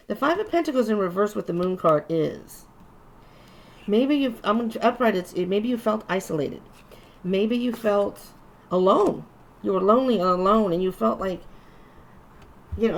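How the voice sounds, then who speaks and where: Female tarot reader, gravelly voice, relaxed chatty reassuring delivery, casual vlog. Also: medium pitch, normal speed. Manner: chatty, reassuring, with frequent restarts. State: tired.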